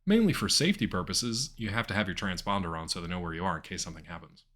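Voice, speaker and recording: A man rambles casually through a live game stream, his voice sitting a little low but bright and forceful. He talks to chat with many ums and restarts. Keyboard clicks tap along in the background. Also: animated, fast talker. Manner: rambling, chatty, with frequent fillers. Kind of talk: casual live-stream commentary while gaming.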